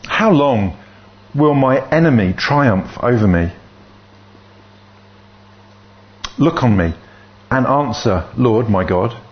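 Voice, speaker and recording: Slow, expressive man reading scripture. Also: medium pitch, muffled recording. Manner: slow, deliberate reading with lively rises and falls. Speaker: church leader reading scripture.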